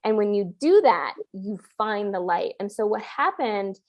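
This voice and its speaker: A woman's voice: medium pitch, animated, measured pace, darkish tone. A woman hosting a podcast, talking in an earnest, coaching way with many restarts. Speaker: podcast host. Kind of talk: casual podcast conversation.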